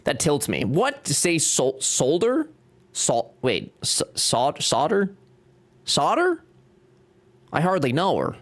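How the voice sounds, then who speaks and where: A man's voice: on the high side, wildly swooping pitch, takes it slowly, pauses often, fairly bright tone. A young man with a Cajun accent, chatting casually and joking with his live chat while he builds. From Louisiana. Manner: joking, reading chat aloud. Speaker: streamer.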